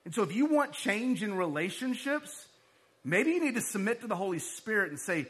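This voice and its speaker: Male pastor, high bright voice, sermon, chatty storytelling delivery. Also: normal speed, husky. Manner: conversational storytelling, animated when excited.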